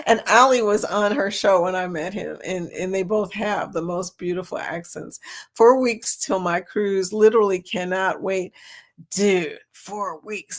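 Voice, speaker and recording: A woman's voice: medium pitch, steady tone, measured pace. A woman hosting a casual live chat, reading comments aloud and laughing often. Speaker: livestream host.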